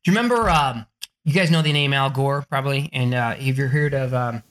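Here a man with a medium-pitched, fairly bright voice speaks a little fast. Coaching a group of authors on the business of their books, he tells stories full of swearing and acts out quoted people in a raised voice, keeping the talk animated.

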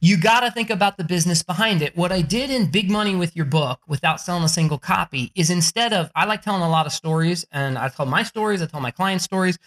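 Talking fast with hardly any pauses, this man has a high, slightly bright voice. He coaches a group of authors on the business behind their books, telling lively stories laced with swearing and mimicking the people he quotes in a raised voice.

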